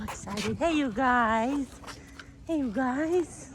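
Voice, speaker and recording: Woman vlog host, high voice, slow unhurried delivery, upbeat, coos baby talk at dogs. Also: animated, background noise. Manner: upbeat, addresses viewers directly. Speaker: animal channel host. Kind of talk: casual vlog chat.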